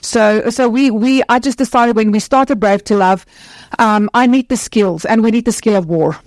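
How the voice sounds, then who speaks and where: A woman speaking on a conference stage as the founder of an anti-trafficking charity. She talks passionately and earnestly, in quick bursts with many restarts. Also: a little high, no echo. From South Africa.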